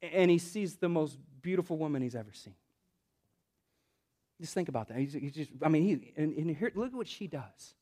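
A male pastor with a Southern US accent delivering a sermon. His voice sits high for a man, and he works the room by turns, surging to fervent loudness and then pulling back into hushed, close asides. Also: moderate pace. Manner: animated, swings from loud bursts to hushed asides.

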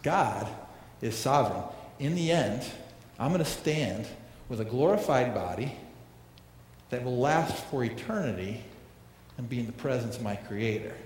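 A man's voice: mid-range voice, animated, a little slow, darkish tone, slight background noise. Emphatic male pastor in an echoey hall. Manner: emphatic, repeats phrases, asks rhetorical questions. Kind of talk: sermon. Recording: echoey hall reverb, faint ambience.

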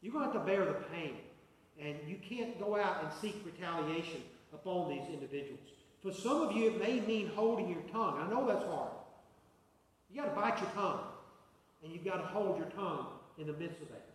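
A man's voice: high-pitched, lively intonation, a little fast. A man preaching a sermon as pastor, earnest, with a repeating cadence. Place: church sanctuary. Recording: echoey hall, mic far off.

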